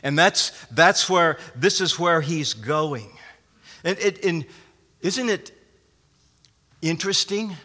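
A man's voice: on the high side, expressive, takes it slowly, pauses often, pushed and bright. A man preaching a sermon as pastor, earnest and emphatic, often restarting his phrases. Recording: long hall reverb.

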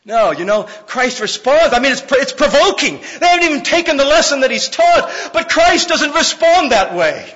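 A man preaching a sermon in an emphatic, conversational way, swinging between loud, pressing lines and hushed ones, with frequent fillers. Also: extremely high pitch, big pitch swings, moderate pace, hardly any pauses, long reverb tail, muffled recording. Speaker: pastor.

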